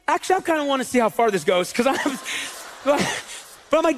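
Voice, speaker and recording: High-voiced man preaching in a reverberant hall. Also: fast talker, soft background music. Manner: animated and chatty, with frequent rhetorical questions. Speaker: pastor. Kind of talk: sermon with casual storytelling. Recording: long reverb in a large hall.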